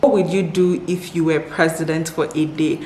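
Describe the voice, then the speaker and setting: Low-voiced upbeat young woman vlogger. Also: fairly even intonation, normal speed, a little mellow, slight background noise. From Nigeria. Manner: upbeat, repeats words for emphasis, laughs often. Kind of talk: casual Q&A chat to camera. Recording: echoey room with faint ambience.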